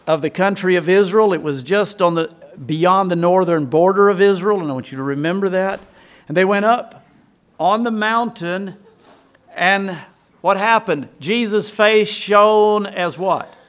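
A man's voice: sits high, a bit bright. A man preaching a sermon, retelling scripture as a story and asking the congregation questions.

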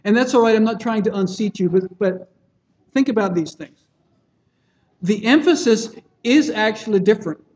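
A man's voice: sits high, normal speed, long pauses, darkish tone. A man preaching a sermon in an earnest, plain-spoken way, often restarting phrases and checking in with his listeners. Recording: dull lo-fi sermon recording.

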